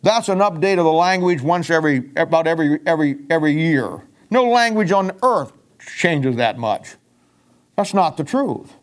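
A man's voice: on the high side, lively intonation, moderate pace. A man preaching a folksy, emphatic sermon-style Bible teaching, with frequent restarts.

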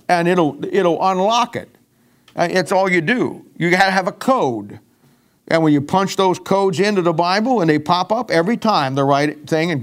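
A man preaching a folksy, emphatic sermon-style Bible teaching, with frequent restarts. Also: high voice.

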